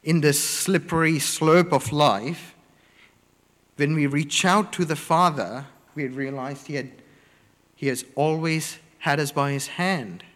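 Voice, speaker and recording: Man, preacher, sermon, unhurried and emphatic, slightly raised pitch, hall echo. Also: steady tone, fairly bright tone. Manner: slow, deliberate delivery with emphatic lists.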